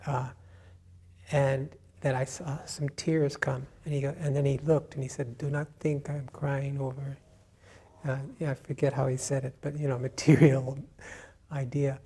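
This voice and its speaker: An older man recalls an old memory for an interviewer, telling it slowly and haltingly. His voice is mellow and warm. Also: mid-range voice, level tone, husky. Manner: unhurried, halting storytelling. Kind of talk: personal reminiscence.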